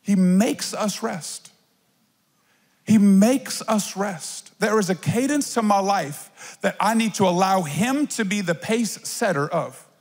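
A man preaching a lively sermon as a pastor, acting out little voices and playful asides. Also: sits high, takes it slowly, in a large hall.

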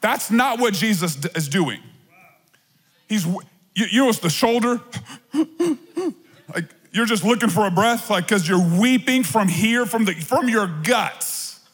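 A man preaching a sermon to his church, animated and conversational, with casual asides to the congregation. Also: high voice, moderate pace, slightly rough. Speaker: pastor. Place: church auditorium. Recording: long reverb of a large hall.

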